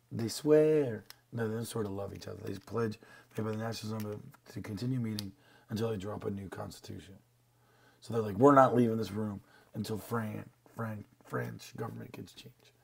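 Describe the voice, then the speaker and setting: A man's voice: lowish voice, creaky, a little mellow, slightly rough. A man teaching a history lesson over slides, casual and joking with slang asides. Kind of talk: classroom lecture over slides.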